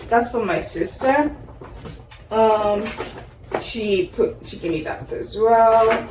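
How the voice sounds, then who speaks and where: A woman's voice: on the high side, slow, pauses often. A young woman vlogger unboxing birthday gifts in casual chat, gushing and exclaiming often. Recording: roomy echo, distant mic, faint noise.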